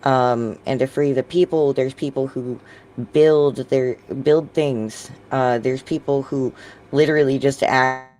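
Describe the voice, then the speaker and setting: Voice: medium pitch, fairly even intonation, unhurried, a little mellow. A podcast host talking casually with many fillers, meandering through ideas over an online voice call. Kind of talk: casual discussion.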